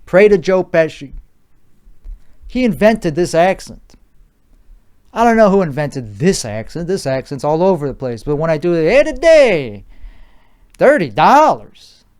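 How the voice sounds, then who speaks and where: A man's voice: on the high side, animated, normal speed, pauses often, a little mellow, clean tone. A man with a put-on Chicago accent, overtired and sleep-deprived, hosting a rambling solo podcast monologue, profane and argumentative, repeating himself. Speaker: podcast host.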